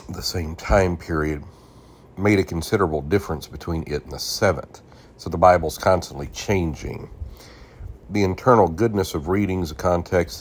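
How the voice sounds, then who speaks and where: A man's voice: extremely low pitch, a little hiss or hum. A man hosting a Bible podcast, reading an old scholarly text aloud and stopping to add his own comments and spell out names. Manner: reads deliberately, stops to explain names and spellings.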